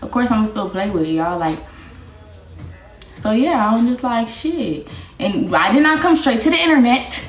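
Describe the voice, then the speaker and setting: A woman's voice: a little high, lively intonation, normal speed. A young woman streamer, ranting bluntly and defiantly, swearing and repeating herself. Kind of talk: livestream rant. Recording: echoey room with faint music.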